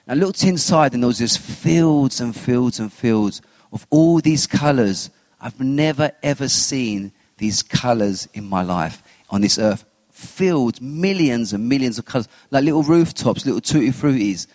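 A man giving a personal faith testimony as an interview guest, telling his story with animated retellings of what he said and thought. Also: medium pitch, unhurried, no room sound, in a large hall. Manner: animated storyteller who acts out his own quotes.

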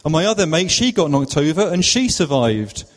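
A man's voice: on the high side, very animated, moderate pace. A man voicing a shy ten-year-old village boy with a Cotswold accent, answering in hesitant, mumbled replies. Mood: chatty. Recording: long hall reverb.

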